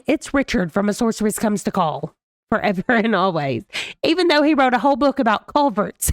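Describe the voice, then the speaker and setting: A woman talks about books in a chatty, gushing way, her voice strained from being sick. She speaks at a middling pitch, and the sound is dry and close, with no room echo. It has the feel of a casual home book vlog. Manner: chatty, gushing, Southern "y'all". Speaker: booktuber host. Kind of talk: casual reading vlog chat. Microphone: desk microphone.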